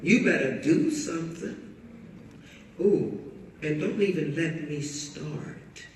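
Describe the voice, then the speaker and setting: In an echoey, carpeted event room, a woman author banters with her audience at a book talk, her voice deep, slow, and picked up from far off amid slight background noise. Her manner is sassy and preachy, full of teasing.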